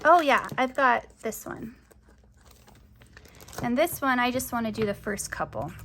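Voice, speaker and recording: A woman's voice: on the high side, animated, measured pace, a bit bright, a little hiss or hum. A young woman chatting casually to camera as a crafting vlogger, rambling with lots of fillers, her voice often rising at the ends of sentences.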